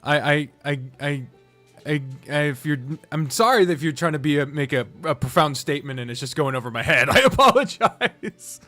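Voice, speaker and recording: A man's voice: a little high, fairly even intonation, a little fast, fairly bright tone, soft background music. A man streaming a strategy game, chatting casually, swearing freely and rambling from topic to topic. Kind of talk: casual live-stream commentary while gaming.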